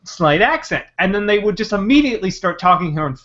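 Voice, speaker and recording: A man's voice: sits high, animated, fairly quick, dull audio, crowd noise. A man on a casual podcast telling a rambling family travel anecdote with many fillers. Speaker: podcast co-host. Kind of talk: casual chat.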